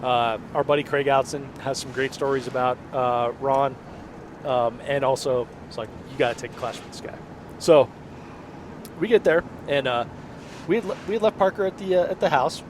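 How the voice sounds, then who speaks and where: A man chats casually as a podcast co-host, drifting through stories with plenty of ums and likes. His voice sits at an ordinary middle pitch. He is recorded inside a truck on the road, and engine and road noise come through clearly behind him. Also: normal speed. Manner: chatty storyteller, loose with fillers. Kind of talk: casual chat. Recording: noisy car interior.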